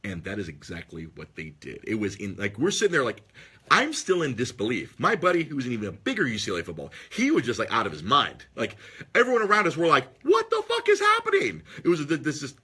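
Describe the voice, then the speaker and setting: A podcast host telling an excitable story in casual chat, swearing freely and breaking into loud, shrieking impressions. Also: male voice, fairly low pitch, quick pace, breathy edge. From Los Angeles area.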